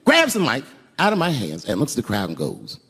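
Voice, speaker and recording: Animated older man doing stand-up. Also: medium pitch, brisk, vocal fry. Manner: profane, animated, acts out voices in the story. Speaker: stand-up comedian. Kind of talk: stand-up storytelling. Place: large arena stage. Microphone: handheld stage mic. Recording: live arena recording with crowd noise. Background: audience laughter.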